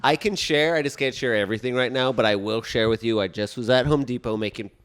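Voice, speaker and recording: A man co-hosting a casual comedy podcast, telling stories in an animated way and acting out what people said. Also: mid-range voice, fast, clear, resonant tone. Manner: animated storyteller who acts out what people said. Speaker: podcast co-host.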